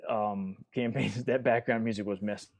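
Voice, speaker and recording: A man's voice: on the low side, fairly even intonation, normal speed, a little mellow. A man co-hosting a podcast, chatting casually on a video call and teasing dryly. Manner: joking, dry teasing. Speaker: podcast co-host.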